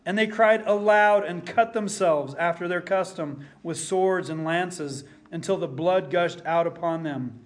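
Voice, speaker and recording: Emphatic preacher, man, slightly high voice. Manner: emphatic, slows down and drops to near silence for stress. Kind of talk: expository sermon with scripture reading.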